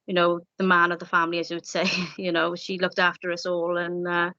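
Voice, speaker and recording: Soft, flat-voiced woman recalling a loss. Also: lowish voice, fairly quick, no echo. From Wales. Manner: soft-spoken, many fillers, emotional. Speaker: bereaved interviewee. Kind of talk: personal interview, recalling a loss. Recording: dull lo-fi sound, dry.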